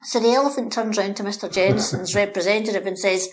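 A woman telling a local story in a lively, animated way, acting out the characters. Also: medium pitch, fast. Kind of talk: anecdotal storytelling.

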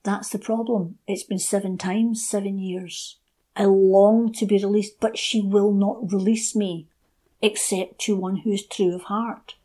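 A woman voicing an enchanted young man who longs to be freed from the fairies, in a hushed, solemn telling. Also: medium pitch, steady tone, unhurried, close to an everyday voice. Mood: longing.

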